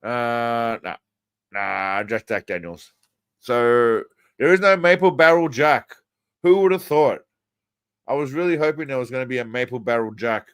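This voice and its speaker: A man's voice: mid-range voice, clear, resonant tone, no room sound. A man hosting a casual livestream, commenting on clips in a crude, mocking, rambling way. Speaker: livestream host.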